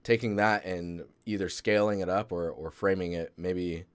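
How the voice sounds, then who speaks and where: Low-voiced guy doing a chill portfolio review on stream, lots of ums and restarts, dry close mic. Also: normal speed, smooth, no echo. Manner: relaxed, rambling, many fillers and restarts. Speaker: host reviewing art portfolios. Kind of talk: casual live-stream critique.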